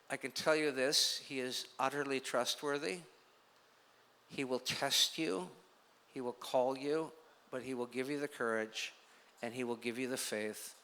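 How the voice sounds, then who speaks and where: A man's voice: medium pitch, fairly even intonation, a little slow, bright, forceful tone. A man preaching a sermon, telling a story in a conversational way, recorded in a large hall. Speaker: pastor. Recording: long hall reverb.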